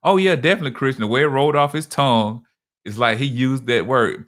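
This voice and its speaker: A man's voice: medium pitch, fast talker, fairly bright tone. A man in casual podcast chat, telling stories loosely with many restarts. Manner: loose, repetitive storytelling with frequent restarts. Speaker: podcast co-host.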